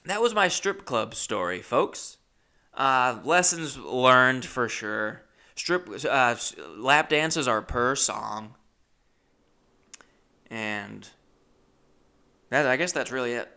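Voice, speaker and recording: A man telling a comic story with a bright, forward tone and a smooth, clear voice. He stays animated and self-deprecating and often turns to his listeners as "folks.". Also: medium pitch, slow pace, long pauses. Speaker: comedian. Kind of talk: comedic storytelling.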